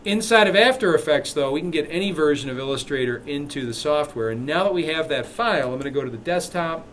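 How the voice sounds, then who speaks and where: A man teaching a live software class, walking students through steps with chatty, joking asides. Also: on the high side, lively intonation, quick pace, a little hiss or hum. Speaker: instructor.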